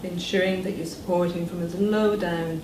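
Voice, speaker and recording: A woman voice therapist calmly guiding listeners through breathing and voice exercises in a slow, instructional manner. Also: lowish voice. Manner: calm, slow instructional guidance. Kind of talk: demonstrating voice exercises. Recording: distant echoey room with background noise.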